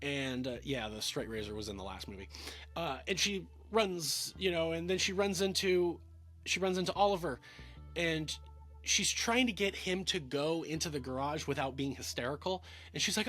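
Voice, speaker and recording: Man film reviewer, husky and a bit high-voiced, rambling and chatty with constant restarts. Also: normal speed, a bit bright, soft background music. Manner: rambling, filler-heavy, stammering restarts. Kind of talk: casual film review talk.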